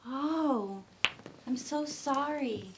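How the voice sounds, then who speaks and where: Giddy naive young woman, eager and childlike, played by an actress; high voice, unhurried, studio noise behind. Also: full character voice. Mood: timid. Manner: bubbly, excitable, squealing. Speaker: actor in a scene. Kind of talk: stage comedy scene. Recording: background noise in a training studio.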